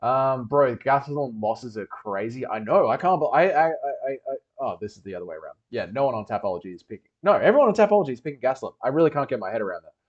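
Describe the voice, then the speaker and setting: A man's voice: medium pitch, very animated, fast, few pauses, highs cut off. A man hosting a livestream, reading chat and rambling with jokey, sweary banter.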